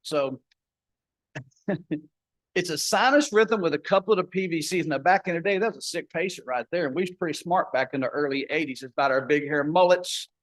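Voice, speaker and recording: A man's voice: a little high, brisk, no room sound, rough recording. Folksy older man, dry close sound. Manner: folksy, acts out dialogue in his story. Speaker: paramedic educator. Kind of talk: conference talk with storytelling.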